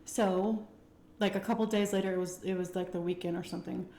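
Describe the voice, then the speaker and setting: Animated woman telling a story, echoey room. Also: mid-range voice, fairly quick. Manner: animated, conversational, acts out quotes, swears freely. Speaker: food vlogger telling a personal story. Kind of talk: casual story time while eating.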